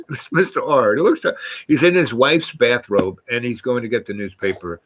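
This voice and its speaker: A man's voice: mid-range voice, animated, measured pace, a bit bright, slight background noise, poor audio. A man from New York telling a personal story in a casual, meandering way, full of asides and restarts.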